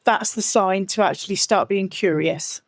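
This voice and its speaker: A woman speaks gently and agreeably as a guest in a podcast conversation. The audio is dry and close, with a mid-range voice. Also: medium pitch, normal speed, dry recording.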